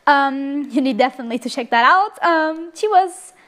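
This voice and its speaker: A young woman of Korean native tongue, hosting a life-sim let's play with excitable, gushing commentary full of fillers. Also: sits high, normal speed. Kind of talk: casual gameplay commentary.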